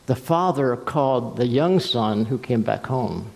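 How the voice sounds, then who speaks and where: A man is preaching from the pulpit and telling stories, and he slips into the voices of the people in them. His voice sits in a middle pitch, and a long church reverb trails every phrase. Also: animated, measured pace, gravelly, hardly any pauses. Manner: storytelling, acts out voices with swings in pitch and pace. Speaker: pastor. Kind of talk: sermon. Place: church sanctuary.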